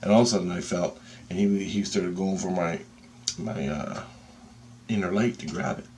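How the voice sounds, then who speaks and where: Low-voiced man telling a wild story. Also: slight background noise. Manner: excitable and profane, with pauses and restarts. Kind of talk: casual spoken storytelling.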